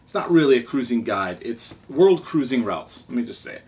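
Man, casual show-and-tell, enthusiastic, rambling, mid-pitched voice, distant mic. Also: very animated, fairly quick, a little mellow. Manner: enthusiastic, rambling, with restarts and asides. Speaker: sailing vlogger showing his library. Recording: distant mic, faint background noise.

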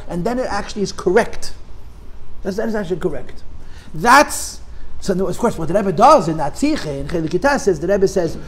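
High-voiced man teaching an emphatic Torah class. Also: animated, moderate pace, a bit bright. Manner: emphatic, rhetorical questions, repeats words when rephrasing. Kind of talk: conversational Torah class lecture.

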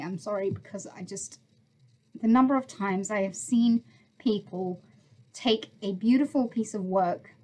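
A woman's voice: mid-range voice, a little mellow, poor audio. A woman vlogger delivering an angry, indignant rant, swearing and stumbling over her words as she restarts sentences. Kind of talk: angry ranting monologue.

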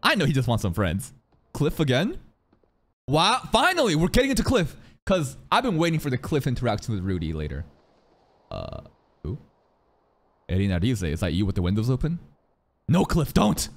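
Animated, sarcastic man reacting to anime. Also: medium pitch, normal speed, long pauses. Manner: animated, sarcastic, swears freely, talks to viewers. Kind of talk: casual reaction commentary.

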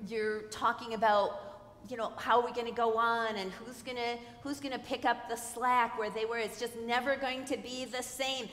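A woman giving a sermon as a guest preacher, expressive, moving between hushed lines and loud emphatic ones and asking the congregation questions. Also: fairly high pitch. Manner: speaks directly to the congregation with questions. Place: church sanctuary. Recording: echoey church with long reverb.

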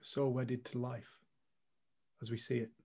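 A man's voice: medium pitch, little pitch movement, measured pace, vocal fry, a little mellow. A man co-hosting a retreat, telling a story to a group in a blunt, earnest way and swearing casually. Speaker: retreat co-host. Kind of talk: candid storytelling talk to a group.

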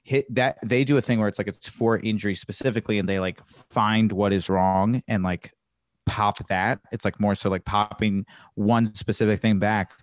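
A comedian guesting on a podcast, telling stories eagerly in casual chat with lots of filler words. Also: male voice, lowish voice, steady tone, moderate pace, no room sound, studio quality. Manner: enthusiastic storyteller, heavy on "like" fillers.

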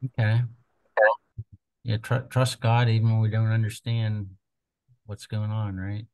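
Earnest low-voiced man leading Bible study. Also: flat delivery, unhurried, a little mellow, low-quality recording. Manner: earnest, conversational, retells scripture.

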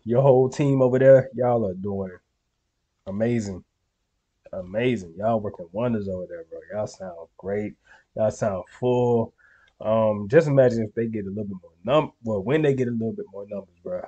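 In a warm, medium-pitched voice, a young reaction-video host chats casually with his viewers, using slang and checking in often with "you feel me."

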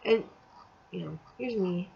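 A woman's voice: fairly low pitch, a little slow, vocal fry, a little mellow, dull audio, a little hiss or hum. Exasperated woman rambling through a story. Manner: rambling and exasperated, acts out quotes. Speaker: vlogger. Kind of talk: storytime vlog, casual chat.

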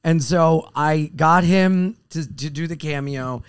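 A man's voice: fairly high pitch, takes it slowly, clear, resonant tone, dry recording. A man co-hosting a podcast, trading crude jokes in casual comedic banter, recorded on a close podcast mic. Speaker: podcast co-host.

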